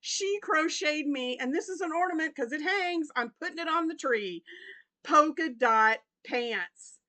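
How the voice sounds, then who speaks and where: A woman's voice: sits high, expressive, normal speed, sharp tone. A middle-aged woman chatting casually while unboxing gifts in a crafting vlog, often breaking into helpless laughter. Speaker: crochet vlogger.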